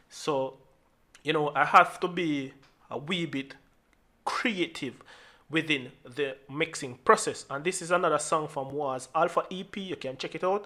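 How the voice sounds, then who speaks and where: Bright-voiced man walking through a mix. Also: a little high. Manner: relaxed explaining with frequent restarts and repeated words. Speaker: music producer teaching mixing. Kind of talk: screen-recorded tutorial walkthrough.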